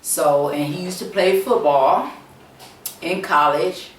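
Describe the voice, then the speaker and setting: This channel host is a woman with a low voice who talks slowly and chats casually to her viewers, telling stories. Her delivery rambles and repeats, full of fillers, and since she speaks away from the mic, the audio carries roomy echo and slight background noise.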